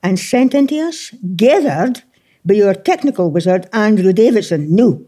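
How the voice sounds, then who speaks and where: A woman's voice: mid-range voice, animated, normal speed, dark tone. A Scottish woman hosting a gardening radio show, chatting in a bubbly, teasing way. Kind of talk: casual radio chat.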